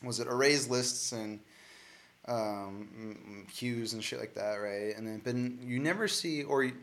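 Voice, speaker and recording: Man, software developer type, bright tone, rambling casual talk with profanity. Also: mid-range voice, a little slow. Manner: loose and profane, laughs often, many fillers. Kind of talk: casual podcast chat.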